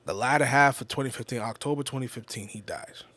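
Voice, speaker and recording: A man's voice: mid-range voice, fast, bright, forceful tone, no room sound. A man hosting a podcast, telling a personal story in a casual, reflective monologue. He often stops and repeats words, and he swears freely. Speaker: podcast host.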